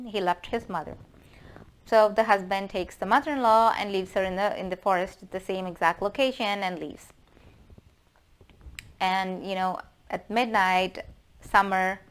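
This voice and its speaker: A woman's voice: medium pitch, fairly bright tone, clear, resonant tone. A woman casually retelling a folk tale in a loose, chatty way with many fillers. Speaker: storyteller.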